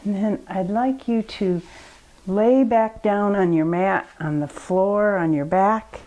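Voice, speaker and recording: Female yoga teacher for children; soft, slow, mellow voice, gently coaxing bedtime instructions. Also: mid-range voice, poor audio. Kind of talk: guided children's yoga story time.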